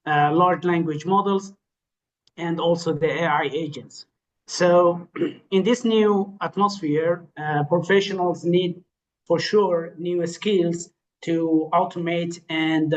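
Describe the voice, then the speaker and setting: A man giving an academic webinar lecture, his voice tired after hours of teaching, pausing often with fillers. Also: on the high side, rough recording. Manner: hesitant, many filler pauses. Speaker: guest lecturer.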